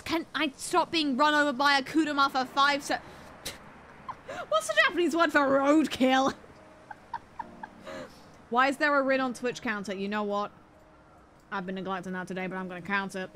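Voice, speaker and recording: A woman's voice: high-pitched, lively intonation, measured pace, pauses often, sharp tone, slight background noise. A woman streaming a game, chatting playfully, joking at herself and laughing often. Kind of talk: casual game-stream commentary.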